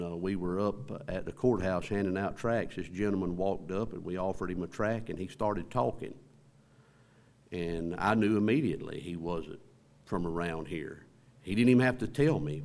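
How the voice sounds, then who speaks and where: A pastor with a Southern American accent preaching a sermon in a folksy way, asking the congregation questions. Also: male voice, deep voice, a little mellow.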